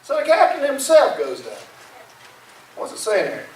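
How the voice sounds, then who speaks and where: A man's voice: very high-pitched, wildly swooping pitch, normal speed, slight background noise. A male pastor preaching a sermon in a folksy, dramatic storytelling way. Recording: echoey room from far off.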